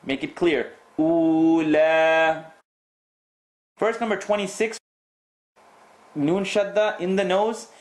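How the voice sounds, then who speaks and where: A man teaching Quran recitation rules, reciting verses and repeating sounds slowly to correct students. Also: high-pitched, reverberant. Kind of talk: tajweed lesson with recited demonstrations.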